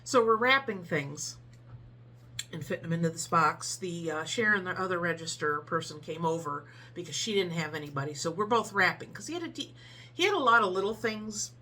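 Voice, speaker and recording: A woman telling a story casually in a vlog, animated and acting out the people in it. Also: on the low side, brisk. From Ohio, USA.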